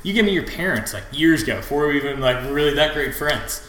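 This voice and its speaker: A young man chatting casually with a buddy, swearing freely and laughing easily. His voice is bright and forceful. It sounds like a roomy space with a faint hum behind him. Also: a little high, quick pace. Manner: profane, animated, laughs a lot. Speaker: podcast co-host. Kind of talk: casual chat.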